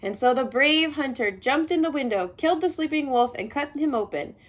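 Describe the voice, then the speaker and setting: A woman reading a children's picture book aloud, with a lively, highish voice that rises and falls. She stops now and then to chat with young listeners about the story. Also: normal speed. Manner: expressive, adds chatty asides to kids.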